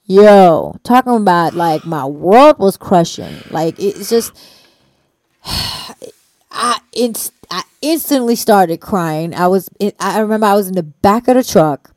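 A woman's voice: medium pitch, lively intonation, a little slow, darkish tone, no echo. A woman telling a personal story in casual conversation, rambling with many fillers and free swearing. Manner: slangy, hesitant.

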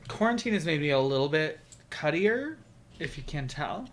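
A man's voice: a little high, sing-song, normal speed. A young man co-hosting a podcast, chatting casually in a sassy, profane, teasing way. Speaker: podcast co-host. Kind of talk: casual chat.

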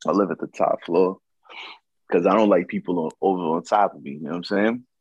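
A man's voice: low voice, a little fast, a little mellow, husky, no echo, highs cut off. A man telling a casual story about a night out, slangy and profane, acting out what others said.

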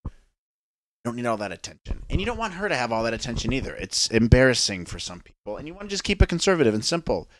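A man's voice: medium pitch, sing-song, fast talker, no room sound, studio quality. A young man, a podcast host, telling a story in a rambling, sarcastic casual chat. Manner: rambling, sarcastic, mocks others in put-on voices.

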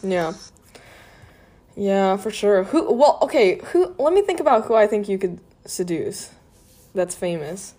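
A young woman chats casually with a friend on a podcast, rambling and restarting her sentences. She giggles often, and her voice sits at a middle pitch. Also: big pitch swings, measured pace, dark tone. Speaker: podcast host. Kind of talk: casual chat.

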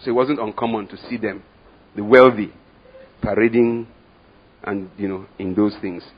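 A man with a Nigerian accent preaching a sermon, moving from hushed asides to loud, slow, emphatic lines. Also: on the low side, steady tone, breathy edge. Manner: dramatic swings from hushed to loud, slow emphatic scripture reading. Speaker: pastor. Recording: dull lo-fi sermon recording.

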